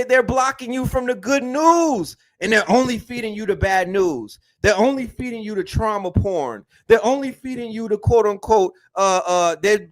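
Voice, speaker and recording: High pitched dude preaching about the internet, repeats himself, lots of slang. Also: male voice. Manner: emphatic, repetitive, slangy. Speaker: host. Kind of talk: animated lecture-style talk.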